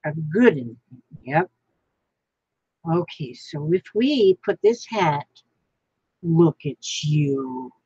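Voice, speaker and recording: Woman, crafting vlogger, rambling, thinking aloud, slow-spoken, dry close sound. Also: on the low side, very animated, mellow, breathy edge, dry recording, highs cut off. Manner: rambling, musing over names, chatting to her craft piece.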